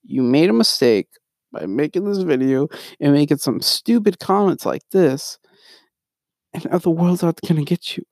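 A young man co-hosts a podcast, his fairly high, slightly mellow voice moving at normal speed with lively intonation. His casual ranting commentary rambles, with frequent restarts and sidetracks. The studio sound is clean with no echo.

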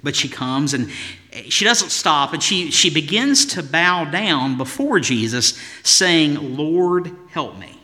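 A man's voice: fairly high pitch, expressive, slow, sharp tone, in a large hall. A man preaching a sermon as pastor, in an emphatic voice with rhythmic lists and rhetorical questions.

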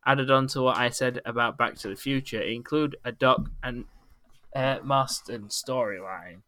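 A man's voice: medium pitch, measured pace, bright, forceful tone. A man co-hosting a podcast, joking and giggling as he reads out listener comments and stumbles over words. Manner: giggly, jokey, stumbles when reading. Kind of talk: casual podcast banter.

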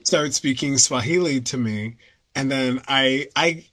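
Halting American man chatting. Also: mid-range voice, a bit bright, a little hiss or hum. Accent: neutral Northeastern American. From United States. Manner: halting, many restarts and fillers, laughs often. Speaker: podcast host. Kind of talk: casual chat.

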